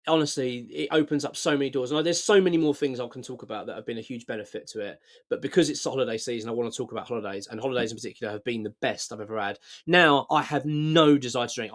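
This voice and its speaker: A middle-aged man, talking frankly and earnestly to camera, often stumbling and repeating himself. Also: mid-range voice. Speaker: vlogger. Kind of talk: casual talk to camera.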